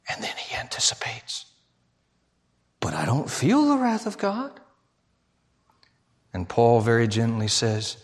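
A man preaching a sermon as pastor, swinging between shouted passages and hushed, near-whispered ones. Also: medium pitch, very animated, measured pace, long pauses.

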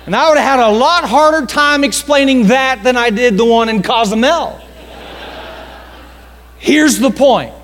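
A male pastor telling a story in a sermon, dramatic, slowing down for emphasis and acting out the voices of others. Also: very high-pitched, fairly bright tone, big-room sound. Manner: dramatic storytelling with slowed emphasis and acted quotes.

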